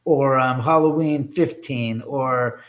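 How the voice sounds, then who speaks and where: A man of middle pitch hosts a casual livestream from his home. He rambles and jokes sarcastically, swears without a second thought, and answers viewer comments as they come in. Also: takes it slowly. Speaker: livestream host.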